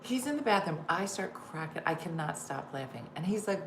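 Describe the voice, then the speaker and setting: Woman host, middle-aged, casual live-stream chat, lowish voice, echoey room, faint hiss. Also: very animated, brisk, few pauses, fairly bright tone. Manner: chatty, laughing, reads viewer comments aloud.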